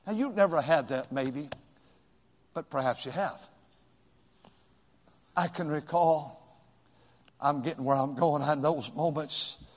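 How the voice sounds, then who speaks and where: A male pastor preaching a sermon in a church, swinging from shouts to hushed whispers. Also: on the high side, slow, long pauses, in a large hall.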